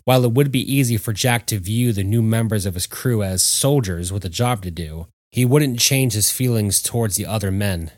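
A man narrating a story in a measured, steady audiobook style. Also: lowish voice, no room sound, clean studio sound.

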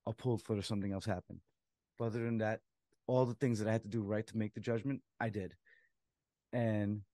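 A man, a softball umpire and co-host, telling a story in casual chat, laughing as he acts out what people said. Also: medium pitch, dry recording, clean studio sound. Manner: animated storyteller, laughs while acting out quotes.

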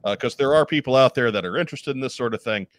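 A man hosting a live talk show, steering the talk with relaxed, dry joking. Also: mid-range voice, racing, dry recording. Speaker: host.

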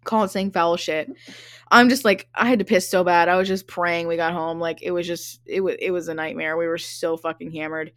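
A woman's voice: lowish voice, fairly even intonation, a little fast, no echo. Profane young woman podcast host, dry close sound. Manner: profane, rambling, laughs often. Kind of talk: casual storytelling chat.

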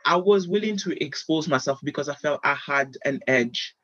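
A woman's voice: low voice, normal speed, no room sound. A young adult woman from Europe, a podcast guest, candidly telling dating stories and animatedly acting out old conversations. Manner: animated, acts out past conversations, laughs often. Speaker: anonymous guest. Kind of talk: candid personal storytelling. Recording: dull lo-fi sound.

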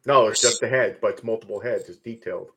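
A man's voice: lowish voice, quick pace, fairly bright tone, husky. A man in casual chat who talks bluntly, jokes and swears casually.

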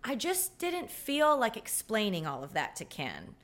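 A woman's voice: a little high, wildly swooping pitch, a little slow, fairly bright tone. A woman, hosting a podcast and telling funny stories in a sassy, self-deprecating way. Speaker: podcast host. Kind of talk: casual comedic storytelling monologue.

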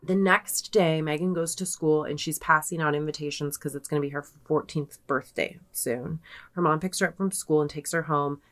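Low-voiced woman telling a story. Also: steady tone, moderate pace. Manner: retells events with many likes, quoting people in her own voice. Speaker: podcast co-host. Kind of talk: casual storytelling chat.

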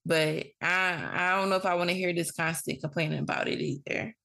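A woman's voice: on the low side, steady tone, fairly quick, gravelly, pushed and bright. Blunt, swearing woman podcast host. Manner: blunt, frank, swears freely. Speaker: podcast host giving advice. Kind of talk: casual advice monologue.

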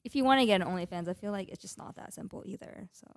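A woman's voice: medium pitch, racing, no echo, clean studio sound. A young woman co-hosting a podcast in casual chat, hedging her thoughts with lots of filler words. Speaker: podcast co-host.

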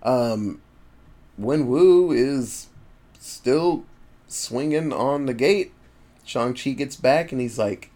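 A man's voice: mid-range voice, extremely slow, long pauses. A man on a podcast casually recapping a movie, cursing freely and acting out the characters' lines. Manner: animated, profane storytelling with acted-out voices. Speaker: podcast co-host.

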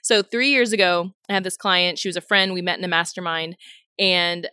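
A woman lawyer, a podcast guest, telling a client story in an animated, conversational way and acting out quotes. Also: normal speed, clean tone, no room sound, clean studio sound. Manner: animated, acts out quotes with big pitch jumps. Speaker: business attorney, podcast guest.

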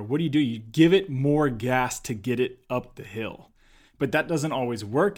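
A man with a mid-range voice talks through advice in relaxed conversation. He tells stories and gets animated when he acts out what people said. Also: medium pitch. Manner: storytelling, animated when acting out quotes. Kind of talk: casual chat.

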